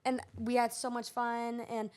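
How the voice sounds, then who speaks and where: Hoarse high-voiced young woman. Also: monotone, unhurried, a little mellow. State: hoarse from cheer camp. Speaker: podcast co-host. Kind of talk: casual chat.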